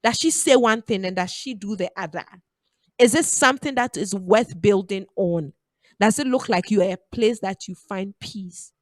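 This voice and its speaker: A woman's voice: mid-range voice, normal speed, dry recording. Woman on the radio preaching about love, emphatic, dry close sound. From Ghana. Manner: preachy, emphatic, repeats phrases. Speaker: radio show host. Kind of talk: motivational radio talk.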